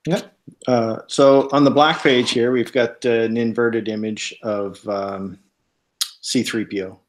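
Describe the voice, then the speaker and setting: A man's voice: medium pitch, fairly even intonation, measured pace. A man hosting a casual chat, hesitant and full of fillers as he reads from a book. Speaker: host. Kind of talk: casual chat, reading book text aloud.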